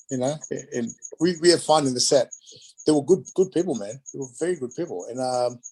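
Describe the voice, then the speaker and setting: A man's voice: medium pitch, a little fast, slightly rough, poor audio. Rambling man telling stories. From Australia. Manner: rambling, animated, lots of fillers. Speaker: guest, retired wrestler. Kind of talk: casual storytelling interview.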